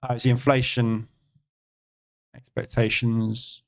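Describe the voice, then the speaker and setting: A man's voice: mid-range voice, level tone, slow, gravelly. A man hosting a live trading stream, giving casual market commentary and thinking aloud with many fillers and asides.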